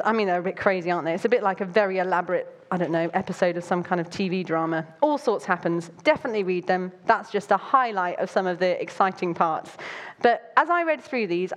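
Jokey woman giving a Bible talk. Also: on the low side. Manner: chatty and jokey, with playful asides and bursts of animation.

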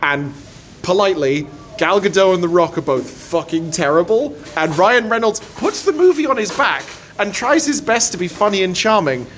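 High-voiced man ranting bluntly. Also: sing-song, moderate pace, a bit bright. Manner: blunt, sweary and emphatic. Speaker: podcast co-host. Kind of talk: casual film review chat.

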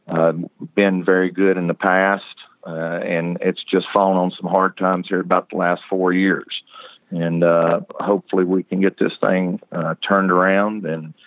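A man's voice: deep voice, flat delivery, normal speed, no echo. A man with a Southern accent, a football coach talking easygoing and upbeat in a phone interview. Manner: easygoing, upbeat, many restarts. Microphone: phone line. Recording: dry tinny phone line.

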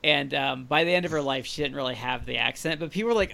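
An American man co-hosting a podcast, chatting casually, animated and self-deprecating with lots of fillers. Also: medium pitch, fast, vocal fry. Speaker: podcast co-host. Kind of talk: casual chat.

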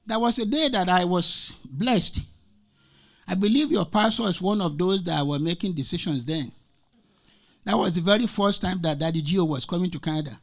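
A Nigerian man in his sixties, a guest speaker, delivers a sermon in a high, fairly bright voice at a normal speed. He's emphatic, repeating lines of scripture and weaving in stories from his own life.

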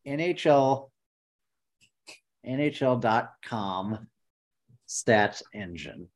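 Animated, swearing male podcast host. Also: medium pitch, extremely slow. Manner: excitable, swearing, muttering while searching. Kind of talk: casual chat.

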